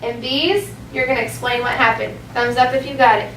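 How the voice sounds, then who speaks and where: A woman with a high voice teaches a class, saying phrases slowly and clearly for the students to repeat. She is picked up from across an echoey classroom, with a faint hiss underneath. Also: fairly even intonation, fairly bright tone, recorded from a distance. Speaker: elementary school teacher. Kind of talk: classroom language lesson.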